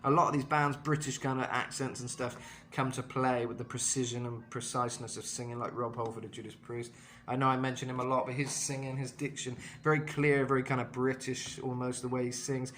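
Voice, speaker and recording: A man's voice: medium pitch, a bit bright, a little hiss or hum. A man giving a casual vocal lesson in a chatty way, full of fillers and asides. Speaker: vocal coach.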